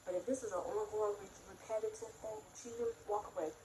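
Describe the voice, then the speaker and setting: Blunt, animated woman telling a storytime. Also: mid-range voice, a little fast, reverberant, noisy background. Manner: animated, blunt, acts out both sides of a quarrel. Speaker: vlogger. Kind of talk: casual storytime vlog. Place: room in her home.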